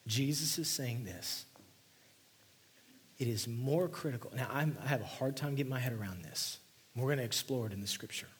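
Husky-voiced male pastor preaching intensely. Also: medium pitch, moderate pace. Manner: intense, dropping to hushed near-whispers for emphasis. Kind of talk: sermon.

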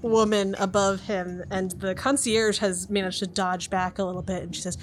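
A woman's voice: medium pitch, moderate pace, a little hiss or hum. Laughing woman game master. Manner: laughing, lively, descriptive. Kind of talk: narrating a tabletop game.

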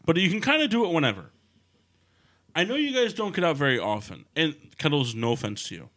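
A man hosting a casual podcast chat with a bright, sharp voice that swings widely in pitch. He is crude and joking and keeps steering the conversation. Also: very animated, fast talker. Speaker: podcast host. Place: studio.

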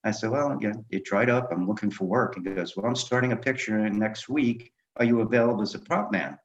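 Man, middle-aged, low voice, animated storyteller, acts out dialogue, dull lo-fi audio. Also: a little fast. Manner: animated anecdotes, acting out quoted dialogue. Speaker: guest, film director and memoir author. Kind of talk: conversational storytelling interview.

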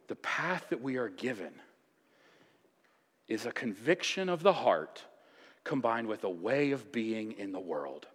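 A man preaching a sermon, telling the story in a lively, casual way and acting out voices. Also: lowish voice. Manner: animated storytelling, acts out voices with casual asides. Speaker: pastor. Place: church sanctuary. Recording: long reverb of a church hall.

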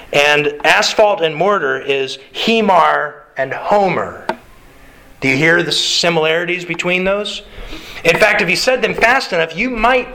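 Bright-voiced male preacher quizzing his audience. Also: on the high side, a little hiss or hum, poor audio. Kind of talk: sermon.

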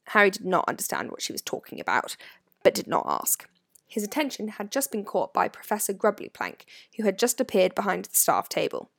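A woman narrating a storybook in an expressive, varied reading, recorded close to the mic. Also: medium pitch, brisk, vocal fry, no room sound. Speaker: audiobook narrator.

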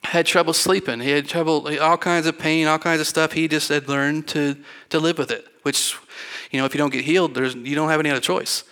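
Bright-voiced folksy pastor telling testimonies. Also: male voice, on the high side, fairly even intonation, fairly quick, hardly any pauses. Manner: folksy, rambling testimony with acted-out quotes. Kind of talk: storytelling sermon. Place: church sanctuary.

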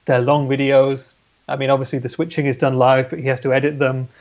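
A man's voice: medium pitch, level tone, a little fast, dull audio. A man guesting on a casual podcast, talking in an easygoing, agreeable way. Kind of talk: casual chat.

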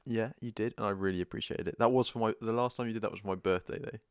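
A man co-hosting a casual podcast, bantering and teasing in relaxed chat. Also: on the low side, rapid-fire, clean tone, no echo. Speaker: podcast co-host. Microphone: headphones and podcast mic.

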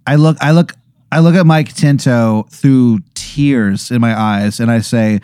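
A man's voice: mid-range voice, a little slow, warm tone, smooth, no room sound, clean studio sound. A man co-hosting a comedy podcast, playing along with an improvised story, laughing and swearing in reaction. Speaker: podcast co-host. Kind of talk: casual improvised comedy banter.

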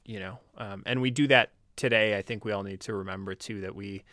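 A man chatting as a podcast guest, telling stories with animated quoted voices. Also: dry recording, studio quality. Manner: animated storyteller, acts out quotes in a high voice. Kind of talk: casual conversation.

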